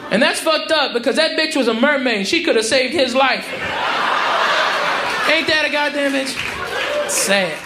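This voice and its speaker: A male comedian works a live club crowd with a brash, profane, mocking routine, his voice sitting fairly high and rising into shouts on the punchlines. The room is roomy, full of audience laughter and general noise. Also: lively intonation, moderate pace. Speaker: stand-up comedian. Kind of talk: stand-up comedy set.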